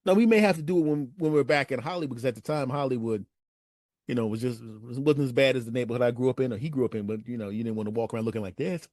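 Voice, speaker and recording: A man telling a personal story as a monologue, animated and acting out his friends' lines. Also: fast talker, no echo, clean studio sound. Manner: animated, acts out friends' lines in raised pitch.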